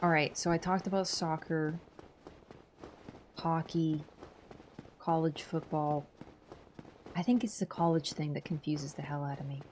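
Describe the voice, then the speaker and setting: A woman's voice: deep voice, steady tone, a little slow, pauses often, darkish tone, slight background noise. A young woman from Canada chatting casually and sarcastically as she livestreams a game, rambling with many asides. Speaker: streamer. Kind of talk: casual livestream chat over gameplay.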